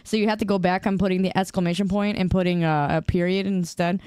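A woman in her twenties chatting casually with viewers on a livestream, rambling in a playfully defensive way with halting restarts. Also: fairly low pitch, fairly even intonation, darkish tone, smooth, no room sound, studio quality. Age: 20s. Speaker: streamer.

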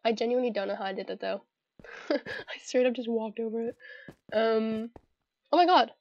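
Young Irish woman gamer, higher voice, rambling and giggly, muffled home mic. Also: moderate pace, no room sound. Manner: chatty, giggly, talks to herself. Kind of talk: casual gameplay commentary.

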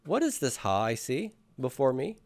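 A man's voice: medium pitch, wildly swooping pitch, moderate pace, no room sound. A man teaching a class, patiently drilling students and having them repeat after him. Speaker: Hebrew grammar teacher. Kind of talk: classroom lecture with questions.

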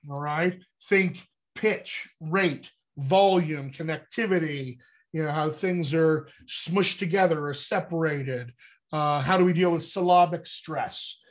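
A man working as a dialect coach, explaining accent work in a casual, upbeat teaching manner with conversational fillers. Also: on the high side.

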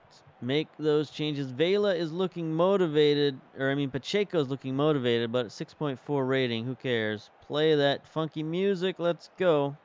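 A man streaming a football management game commentates casually at a normal speed, thinking aloud about tactics and substitutions in a chatty way. His voice sits on the high side and is a little mellow, clear, and resonant. The recording itself is muffled.

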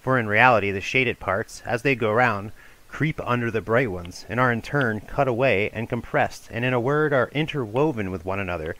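A man giving a measured, formal audiobook reading of an ancient philosophical dialogue. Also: medium pitch, sharp tone, low-quality recording. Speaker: reader of a classical dialogue.

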